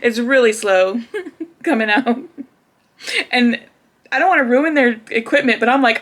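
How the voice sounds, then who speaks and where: A woman's voice: a little high, a little slow, long pauses, a bit bright. A young woman casually telling a personal story to camera, chatty, with frequent laughs and fillers. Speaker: vlogger.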